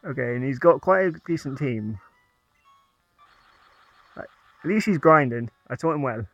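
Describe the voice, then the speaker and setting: A let's-play gamer gives playful, chatty commentary while playing a video game and laughs at his own jokes. His medium-pitched voice is animated and measured in pace, with no room sound, faint music behind, and a dull lo-fi quality.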